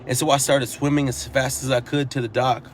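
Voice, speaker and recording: An eyewitness speaks in a medium-pitched, level voice, a little fast, with slight background noise. In an emotional first-person account he earnestly describes what he saw, repeating himself and restarting sentences as his telling grows more urgent.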